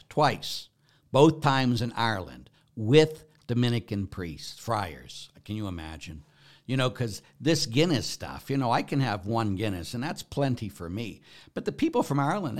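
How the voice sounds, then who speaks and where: Folksy, animated priest. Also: male voice, mid-range voice. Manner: folksy and joking, emphatic bursts. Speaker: Catholic priest. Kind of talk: informal preaching talk.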